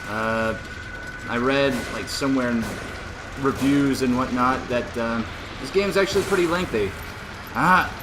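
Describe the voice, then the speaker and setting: A man's voice: mid-range voice, measured pace, noisy background. Boston-accented male gamer, laid-back and self-mocking; easy mid voice. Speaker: let's play gamer. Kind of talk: casual gameplay commentary.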